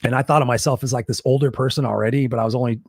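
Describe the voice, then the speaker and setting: Fast-talking blunt male life coach. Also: mid-range voice, steady tone, darkish tone, no room sound, studio quality. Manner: blunt, profane and candid. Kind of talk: casual interview storytelling.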